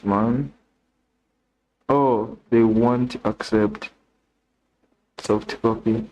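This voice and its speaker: A young man with a Ugandan English accent, chatting casually on a live stream, reading messages aloud and thinking out loud with restarts and questions. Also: mid-range voice, steady tone, slow pace, pauses often, slight background noise, low-quality recording.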